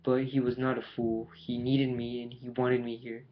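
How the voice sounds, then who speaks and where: A man's voice: medium pitch, flat delivery, moderate pace. A man reading a novel aloud in a plain, careful way, with small stumbles, recorded with a dull, lo-fi sound. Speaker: audiobook reader. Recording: dull lo-fi home recording with faint hiss.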